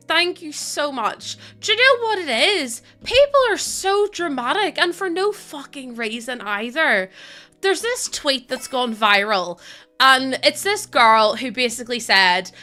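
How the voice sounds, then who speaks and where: A woman's voice: high-pitched, bright, forceful tone. A young woman streaming live, chatting casually and giggling as she thanks viewers by name. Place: home, indoors.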